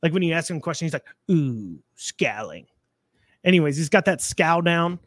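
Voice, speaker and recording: A man's voice: on the high side, fairly even intonation, fast, dry recording. A man giving blunt, sarcastic political commentary, with frequent fillers and restarts.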